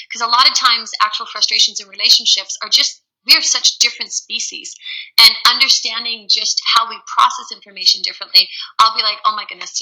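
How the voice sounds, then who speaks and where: A woman's voice: on the high side, sharp tone, poor audio. A woman co-hosting a live stream on relationships, speaking earnestly in long, flowing thoughts. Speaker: co-host answering relationship questions. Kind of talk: casual live-stream chat.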